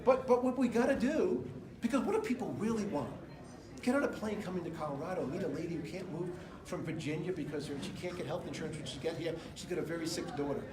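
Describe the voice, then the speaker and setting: A man's voice: on the high side, fast, a crowd in the background. A middle-aged American man giving an off-the-cuff campaign speech to a room full of people, rambling and emphatic as he jumps between anecdotes and figures. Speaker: political candidate. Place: indoor room with an audience. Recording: echoey room.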